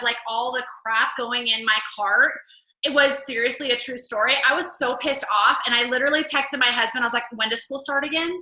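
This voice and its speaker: High, bright-voiced chatty woman. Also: roomy sound, rough recording. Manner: chatty, animated storytelling with lots of "like". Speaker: fitness coach leading a group call. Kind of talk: casual coaching talk.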